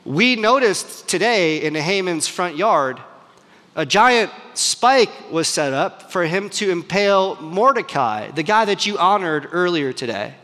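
A man's voice: high-pitched, animated, measured pace, sharp tone, big-room sound, full character voice. A man voicing a cautious palace guard who advises a king in a hesitant, deferential way.

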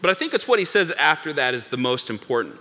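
Male pastor, high bright voice, lively sermon delivery, big church hall reverb. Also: fast. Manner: animated, acts out biblical characters with big voice swings.

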